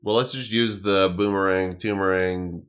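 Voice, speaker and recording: Low-voiced man joking on a podcast. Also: fairly even intonation, moderate pace, a bit bright. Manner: joking, rambling recaps. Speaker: podcast co-host. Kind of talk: casual comedic chat.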